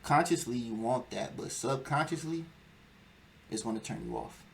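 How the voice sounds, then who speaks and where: A man's voice: mid-range voice, normal speed, vocal fry. A young man in a casual talk show, making his case with emphasis and a lecturing push. His voice sits in an ordinary middle range. A faint hiss of background noise runs under the recording. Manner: emphatic, lecturing, acts out quoted whining. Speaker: podcast host. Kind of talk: casual chat.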